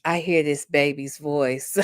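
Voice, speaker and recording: A woman's voice: a little high, sharp tone, no room sound, studio quality. A woman hosting a casual commentary livestream and reading chat comments, emphatic and profane, tagging lines with "okay?". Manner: emphatic and repetitive, profane, keeps adding "okay?". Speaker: host.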